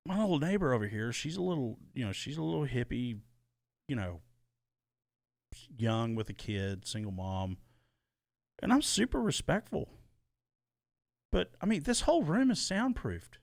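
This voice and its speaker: Brief: male podcast co-host, lively swooping delivery, stumbling restarts, dry close sound. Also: medium pitch, normal speed, gravelly, pauses often, dry recording. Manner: rambling, animated, repeats and restarts words. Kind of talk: casual podcast chat. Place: small soundproofed home studio.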